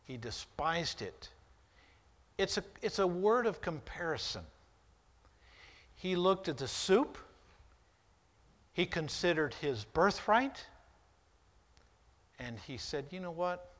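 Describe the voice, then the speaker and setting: Preaching at a slow, sing-song pace, this man reads King James scripture with careful, deliberate weight. His voice rises loud and high as he gives God's rebuke, then falls soft again.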